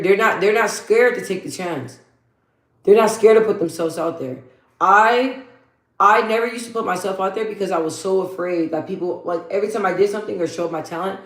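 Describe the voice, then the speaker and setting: A woman vlogger with a deep, bassy voice chatting casually while doing her makeup, blunt and slangy, repeating phrases for emphasis like a motivational talk. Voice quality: deep for her, in her own words. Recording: roomy echo.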